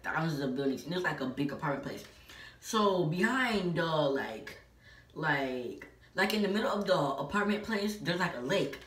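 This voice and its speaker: Low-voiced woman telling a story, echoey room. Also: fairly bright tone. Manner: emphatic, many filler "like"s. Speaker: vlogger. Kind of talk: casual storytelling. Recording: echoey room, mic at a distance.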